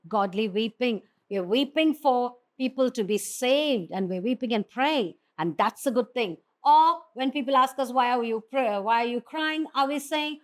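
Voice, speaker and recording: A woman preaching a sermon in an earnest, exhorting way, with frequent fillers and restarts. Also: on the high side.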